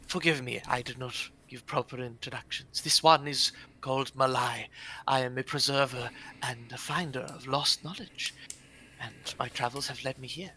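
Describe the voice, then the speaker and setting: A man's voice: medium pitch, fairly even intonation, moderate pace, pushed and bright, slight background noise, natural voice. A man playing a courtly wandering scholar. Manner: grand, formal phrasing. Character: male wandering preserver of lost knowledge, courteous, flowery.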